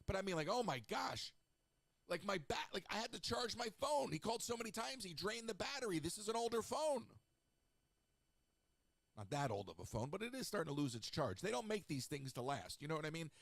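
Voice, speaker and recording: A middle-aged man hosting a radio show, chatting in a snarky, rambling way with lively asides. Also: high-pitched, fairly quick, vocal fry, dry recording. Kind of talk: casual solo radio talk.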